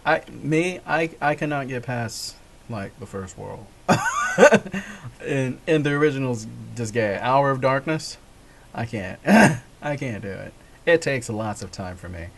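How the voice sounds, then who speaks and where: A gaming vlogger speaks a little slowly in a mid-range, slightly bright voice with lively intonation and vocal fry. His casual monologue wanders, punctuated by laughter and self-corrections.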